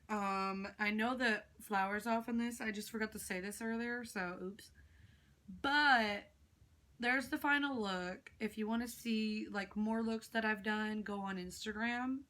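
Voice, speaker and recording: A woman's voice: fairly high pitch, fairly bright tone. A young woman vlogger telling spooky stories while she does her makeup, talking in a casual, blunt way and swearing now and then.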